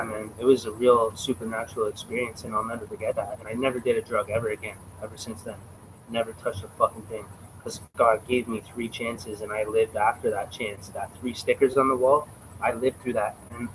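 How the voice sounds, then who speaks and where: A man in his twenties talks straight to his livestream, rambling and emphatic and swearing freely. His voice sits at an ordinary middle pitch. A faint hiss of noise runs underneath. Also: a bit bright, poor audio. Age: 20s. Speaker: livestream host. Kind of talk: casual livestream storytelling.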